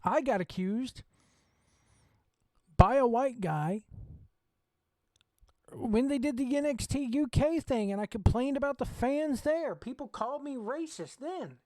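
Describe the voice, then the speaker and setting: A Southern-accented man with a very high, darkish voice hosts a wrestling watch-along, animated but measured and pausing often. He rants bluntly and swears freely, and the recording has no room sound.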